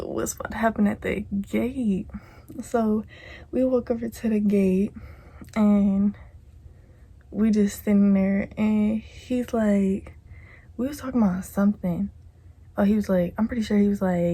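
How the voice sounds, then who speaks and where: A woman's voice: mid-range voice, fairly even intonation, measured pace, husky. A woman telling a casual storytime on her vlog, slangy and full of swearing, with lots of "like" and stretches where she drops to a whisper. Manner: slangy, swears a lot, heavy use of "like"; drops into soft whispers at times. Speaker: vlogger.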